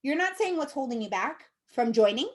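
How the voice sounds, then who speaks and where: A woman with a slightly high voice coaches her sales team in a chatty, upbeat way. She keeps checking in with her listeners as she talks, and she sounds encouraging throughout. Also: animated, normal speed. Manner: chatty, checks in with frequent "okay?" and "right?". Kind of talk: casual coaching talk to a team.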